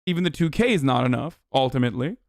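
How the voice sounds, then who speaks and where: A man's voice: medium pitch, animated, fast talker, vocal fry, dry recording, studio quality. A young man streaming political commentary, ranting bluntly with a lot of swearing and exasperation. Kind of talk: casual livestream commentary.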